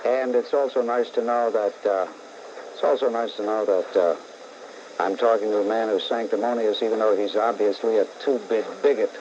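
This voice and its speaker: Heard on muffled old AM radio tape with background noise, the voice is on the low side, steady, and moderately paced. It belongs to a middle-aged New Yorker hosting call-in talk radio, ranting bluntly and sarcastically at callers and listeners.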